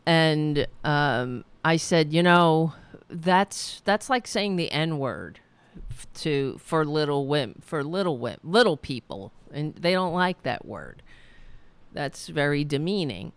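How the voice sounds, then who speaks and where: A woman's voice: low-pitched, animated, takes it slowly, clean tone, dry recording. A woman hosting a talk show, speaking bluntly and swearing freely, rambling with restarts. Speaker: podcast host. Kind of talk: casual opinion talk.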